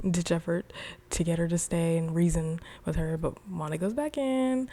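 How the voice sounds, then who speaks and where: A woman giving a casual, chatty recap of a TV episode, animated and full of slang. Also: lowish voice. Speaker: TV show reviewer.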